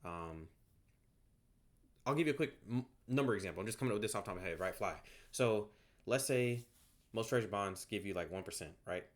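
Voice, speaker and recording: A man's voice: on the low side, expressive, brisk. A man explaining off the cuff at home, rambling and conversational, tossing in "right?" as he goes. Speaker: online course creator. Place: home, by a bed.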